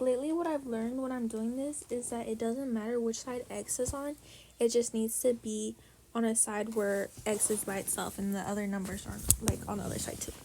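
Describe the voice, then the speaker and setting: High-pitched young woman, chatty math tutorial. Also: dark tone, slight background noise. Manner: chatty, swears, slips into whispers while calculating. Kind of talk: casual tutorial over a tablet screen.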